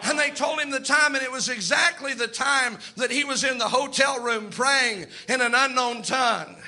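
A man preaching a fervent sermon, impassioned and emphatic, now and then bursting into shouts. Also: extremely high pitch, moderate pace.

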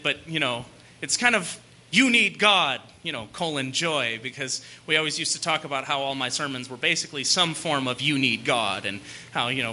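A young man preaching a sermon, fervent and at times shouting, then easing into joking asides. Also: on the high side, slight background noise.

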